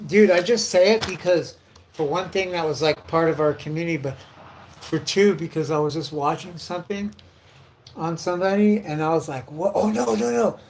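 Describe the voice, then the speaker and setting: A man's voice: on the high side, normal speed, darkish tone. A man with a slightly raised voice rambles through a casual livestream rant, swearing constantly and piling one loose thought onto the next. A faint hiss of background noise sits under his talk. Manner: heavy profanity, loose run-on storytelling. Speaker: livestream host.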